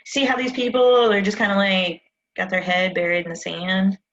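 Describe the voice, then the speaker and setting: A woman's voice: mid-range voice, expressive, unhurried, pauses often, a bit bright, highs cut off. A woman success coach giving an emphatic motivational coaching session, full of rhetorical questions, over a live stream mic.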